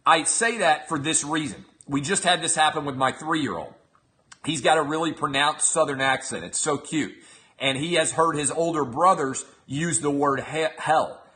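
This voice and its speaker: A man's voice: a little high, sharp tone. A man in his thirties hosting a show, giving an emphatic opinionated monologue and often checking in with his listeners. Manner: emphatic, asks the audience 'all right?'. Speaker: show host.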